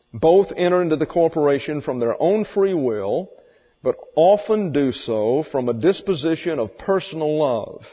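A man teaching a sermon lecture in a folksy, explanatory way, asking rhetorical questions. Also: fairly high pitch. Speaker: Bible teacher. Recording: muffled recording in a reverberant hall.

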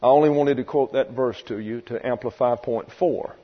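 A mid-range, slightly rough male voice at moderate pace preaches an expository sermon; he is a pastor, emphatic and vivid, who at times acts out quoted voices. Recorded in a reverberant hall, the audio is dull, lo-fi, and carries mains hum.

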